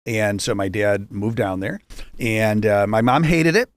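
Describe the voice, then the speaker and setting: Speaking unhurriedly but with animation, a fifties-aged entrepreneur from Rochester, New York shares his story as a guest, cracking jokes and wandering into asides. His voice sits on the low side, with no room sound.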